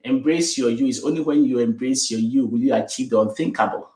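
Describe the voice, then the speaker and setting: A woman's voice: extremely low pitch, a little fast, dark tone, echoey room. A middle-aged woman speaking as an interview guest in an emphatic, repetitive, affirming way. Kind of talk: interview conversation.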